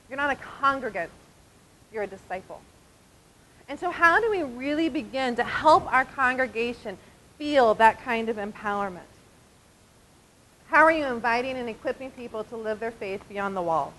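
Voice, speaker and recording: A woman in her forties, a diaconal minister, giving an animated conversational talk at a church conference. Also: high voice, rough recording. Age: 40s. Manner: animated and conversational, often asking "right?". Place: conference hall.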